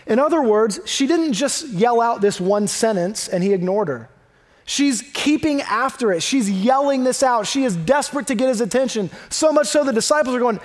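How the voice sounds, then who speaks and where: A man delivering a sermon in a relaxed, conversational style. His voice sits unusually high for a man. He leans into key words for emphasis and sinks low and soft when he reads the text. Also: normal speed. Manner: conversational, emphatic, drops low and quiet for scripture. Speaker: preacher.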